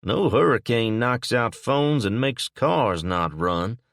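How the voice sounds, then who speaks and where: A man voicing an uneasy man in his fifties who speaks slowly and gravely. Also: mid-range voice, expressive, a bit bright, dry recording, studio quality, voice pushed up, heavily acted.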